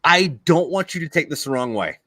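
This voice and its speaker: A man hosts a podcast in a loud, heated rant, piling on swear words and tripping over his own restarts. His voice sits a little high and sounds bright and forceful, recorded close and dry with no room sound. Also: expressive, fairly quick, dry recording. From United States. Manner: profane heated ranting with stammered restarts. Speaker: podcast host. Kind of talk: casual podcast chat.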